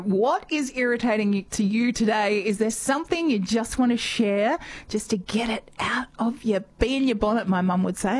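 A woman's voice: mid-range voice, a little hiss or hum. A woman with an Australian accent hosting talkback radio, chatty and teasing with callers. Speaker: radio host.

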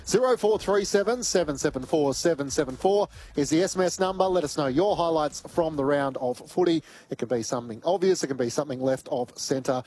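An Australian man hosting a sports radio show, introducing segments in a brisk, upbeat presenter manner. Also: a little high, a little mellow.

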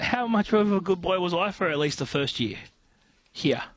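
A man's voice: sits high, expressive, normal speed, dry recording. An Australian man co-hosting sports radio, cheeky and teasing his fellow hosts. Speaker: radio co-host and TV pundit.

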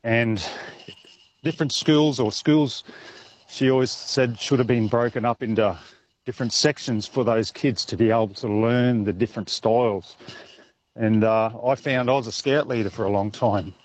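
A man's voice: mid-range voice, moderate pace, poor audio. Man, middle-aged, Australian accent, truck driver calling in, easygoing, storytelling.

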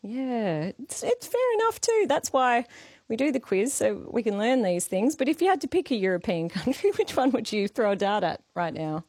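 A woman's voice: mid-range voice, big pitch swings, normal speed, a little mellow, dry recording, clean studio sound. An Australian woman hosting a live radio quiz, bubbly and giggly as she takes callers. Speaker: radio talkback host. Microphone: studio microphone.

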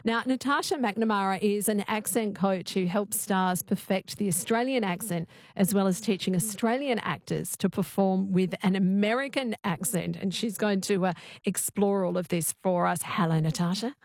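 A woman's voice: mid-range voice, normal speed, few pauses, no room sound. A woman hosting a radio talk show, introducing topics and asking curious, conversational questions. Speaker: radio host.

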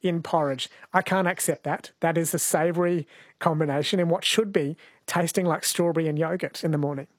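A man hosting a radio show in a studio, easygoing and quick to laugh while chatting with callers and his co-host. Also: a little high, steady tone, no echo. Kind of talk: casual radio chat. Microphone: studio microphone.

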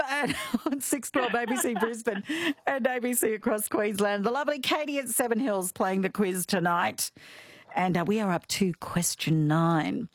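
A woman hosting a radio quiz show, lively and quick to laugh. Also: a little high, no room sound, studio quality.

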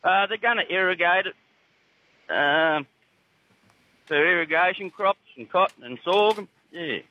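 A man's voice: high voice, animated, a little slow, highs cut off. A man with a broad rural Australian accent calling in from his tractor, chatting in a laconic, drawling way. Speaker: caller. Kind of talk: casual phone chat. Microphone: phone.

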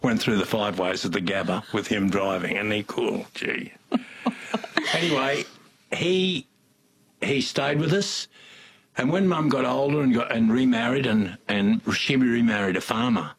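A man's voice: mid-range voice, unhurried, slightly rough. An older man with an Australian accent, telling rambling, folksy stories as an interview guest. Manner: rambling, folksy, with many restarts. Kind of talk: casual storytelling.

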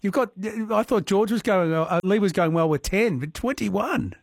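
A man's voice: high-pitched, normal speed, vocal fry, no echo, studio quality. Man hosting talk radio. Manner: warm, encouraging interviewer. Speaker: radio host.

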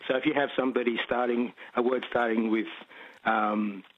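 A man's voice: medium pitch, little pitch movement. A man calling into a radio show, chatting casually and answering quiz questions, with frequent stumbling restarts. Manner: quick, stumbling restarts, repeats words. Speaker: radio caller and quiz contestant. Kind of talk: casual phone-in chat. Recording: tinny phone line.

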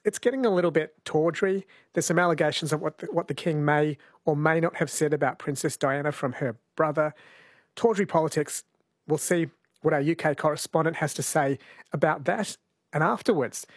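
Male radio host, upbeat, a bit high-voiced, dry close mic. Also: dry recording. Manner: upbeat, playful presenter. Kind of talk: casual radio chat. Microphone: studio microphone.

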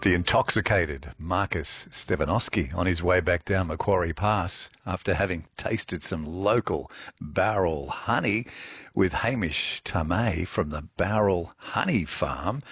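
A man's voice: deep voice, fairly bright tone, slightly rough, dry recording. A man presenting a radio show, chatty and jokey between segments.

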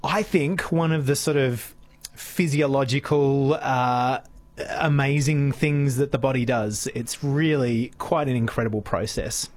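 A man, a speech pathologist guest on a radio show, explaining in a measured, patient way. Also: medium pitch, steady tone. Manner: measured, explanatory, some fillers.

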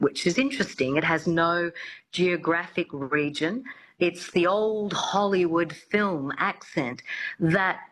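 Casting note: accent coach guest, woman, somewhat low voice, talky explaining with restarts. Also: a bit bright, a little hiss or hum, low-quality recording. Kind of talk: radio interview.

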